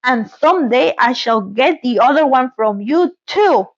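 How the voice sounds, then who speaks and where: A woman's voice: high voice, expressive, a little slow, dry recording, dull audio, heavily acted. A woman voicing a cunning, spiteful old witch who gloats and then wails in despair, in a storybook reading. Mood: gloating.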